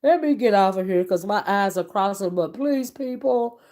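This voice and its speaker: A woman's voice: medium pitch, expressive, moderate pace, darkish tone. A woman host chatting casually and rambling to her viewers on a late-night livestream, sleepy and talking in a loose, folksy way. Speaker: channel host.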